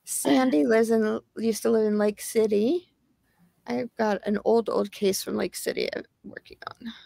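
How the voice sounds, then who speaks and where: A woman co-hosting a casual live stream, relaxed and a bit weary. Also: fairly high pitch, a little slow, creaky, no echo. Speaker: co-host of a true crime live stream.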